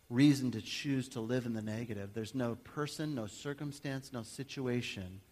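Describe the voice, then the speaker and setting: A male pastor preaching a sermon in a conversational, animated way, acting out little everyday scenes. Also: medium pitch. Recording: long hall reverb.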